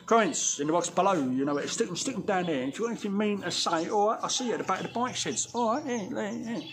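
Speaking fast with lively intonation, a high-voiced man who runs a window cleaning business shares blunt, cheeky, slang-filled advice straight to the camera. His casual vlog is filmed outdoors against a noisy background.

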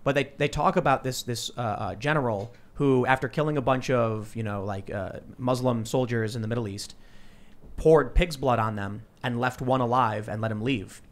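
A man's voice: medium pitch, moderate pace. A man hosting a casual panel discussion in a studio, telling stories and acting out the voices of people he quotes. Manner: animated storyteller, acts out quoted voices. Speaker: podcast host.

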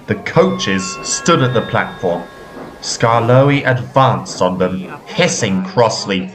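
Slow, expressive male storybook reader. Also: lowish voice, soft background music. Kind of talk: storybook narration.

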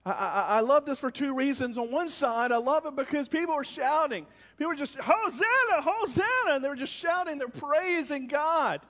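A man pastor preaching a sermon, swinging between loud calls and quiet, low lines. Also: normal speed, few pauses, in a large hall. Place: church service, with cars passing by.

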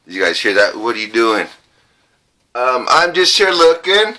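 A man's voice: mid-range voice, sing-song, moderate pace, background noise. A man running a ghost-hunting vlog inside an old trailer, calling out to spirits, nervous and breathing hard. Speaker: paranormal investigator.

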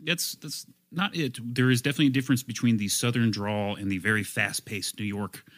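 A man on a casual podcast explaining his point in a thoughtful, measured way. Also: medium pitch, steady tone, fairly bright tone. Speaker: podcast co-host.

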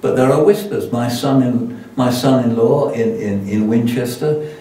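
A man's voice: mid-range voice, a little slow, warm tone. An older man preaching as a guest, telling a self-deprecating story with many restarts. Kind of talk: sermon with anecdotes. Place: church hall. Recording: echoey church hall from far off.

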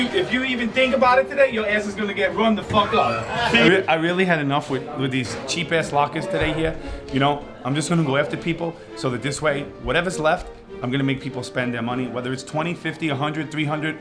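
A man's voice: fairly high pitch, fast, over music. A man buying at storage auctions, talking brashly and swearing freely in a reality show. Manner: brash, profane trash talk. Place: storage auction and flea market.

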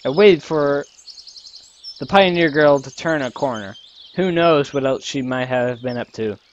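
A man's voice: on the high side, lo-fi sound, a little hiss or hum. A man casually reading a visual novel aloud, often tripping over words and correcting himself. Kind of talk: casual read-aloud of a game story.

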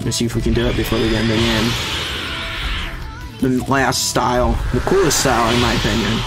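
An excitable young man talks through a game match in loose, slangy commentary, jumping to alarmed yelps when startled. His voice sits at an ordinary middle pitch. Loud game music and effects play under him the whole time. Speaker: gaming YouTuber. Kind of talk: casual gameplay commentary.

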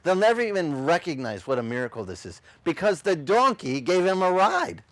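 Animated high-voiced male pastor. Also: a little fast, dry recording. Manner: animated, acts out voices and shouts in quotes. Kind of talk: lively sermon.

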